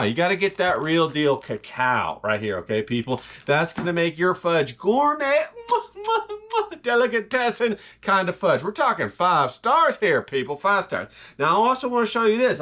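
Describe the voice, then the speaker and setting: In a jokey cooking video shot in his home kitchen, a man with a high-pitched, fairly bright voice plays vlog host. He boasts about himself and hypes up his viewers in this comedic home-cook vlog.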